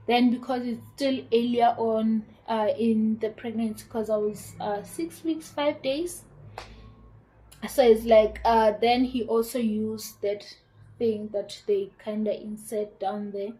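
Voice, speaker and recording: A young South African woman in her twenties tells a personal story to her channel in a casual, animated way. Her voice sits slightly higher than most, and she slips into the voices of the people she quotes. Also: low-quality recording. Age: 20s. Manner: animated retelling with quoted dialogue and laughter. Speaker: YouTuber.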